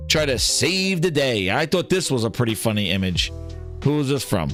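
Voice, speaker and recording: A man's voice: medium pitch, sing-song, unhurried, a bit bright, faint music behind. A man hosting a gaming podcast, ranting in a heated, profane and sarcastic way. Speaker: podcast host.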